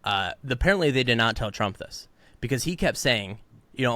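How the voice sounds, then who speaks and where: A man's voice: mid-range voice, brisk, a bit bright, no room sound. A man co-hosting a podcast, fired up and ranting in heated political commentary, mocking the people he quotes. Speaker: podcast co-host.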